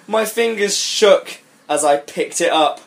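A man's voice: high voice, slow pace, gravelly. A man co-hosting a comedy podcast, reading fan fiction aloud in a mock-melodramatic way, swearing, laughing and commenting between lines. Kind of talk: comic dramatic reading with commentary.

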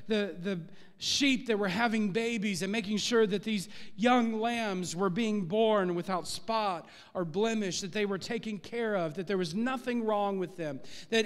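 A man preaching a sermon as pastor of a church, animated and rising in force on key points. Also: high-pitched, clean tone, in a large hall. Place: church sanctuary.

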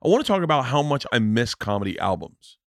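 A man's voice: mid-range voice, very animated, fast talker, dry recording, clean studio sound. A man hosting a podcast in casual chat, rambling through stories and acting out sketches in funny voices. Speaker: podcast host.

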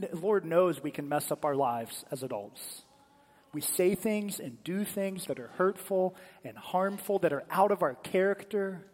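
A male pastor giving a sermon as animated, dramatic storytelling in a church sanctuary. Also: high-pitched, in a large hall.

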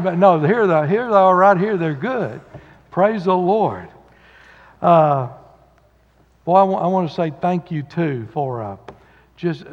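Folksy preacher with high voice. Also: male voice. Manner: folksy, joking asides, many fillers. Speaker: pastor. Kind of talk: sermon. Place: church sanctuary. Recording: dull sound with long hall reverb.

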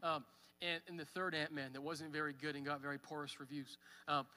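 A man's voice: fairly high pitch, level tone, fairly quick, sharp tone, long reverb tail. A man in his thirties preaching a sermon at church, conversational, with fillers. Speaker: pastor. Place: church hall.

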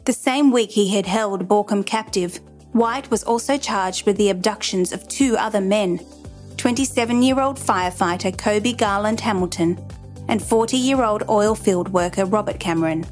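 A woman's voice: mid-range voice, normal speed, faint music behind. Woman narrating a true story.

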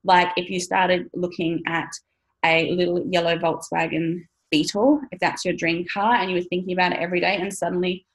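A woman's voice: on the low side, little pitch movement, a little fast, rough recording. Chatty woman coaching on camera. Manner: chatty, swears casually, laughs often. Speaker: money mindset coach. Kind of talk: casual talking-to-camera coaching.

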